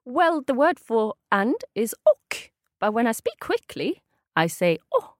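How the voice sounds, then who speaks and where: A woman with a Swedish accent, a Swedish teacher modeling phrases clearly in a friendly language lesson dialogue. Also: fairly high pitch, sing-song, unhurried, no room sound, clean studio sound. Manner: clear, careful modeling of phrases with sing-song intonation.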